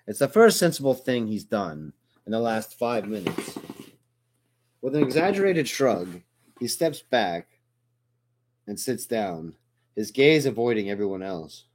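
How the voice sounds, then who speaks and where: A man narrating a first-person audiobook in a steady, even storytelling manner. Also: lowish voice, measured pace, long pauses, a little hiss or hum.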